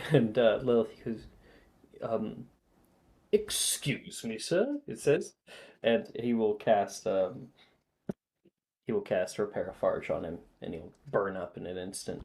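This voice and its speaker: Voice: medium pitch, steady tone, a little slow, pauses often, warm tone. Laid back game master running a tabletop game, chatty, laughs a lot. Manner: easygoing, chatty, laughs often.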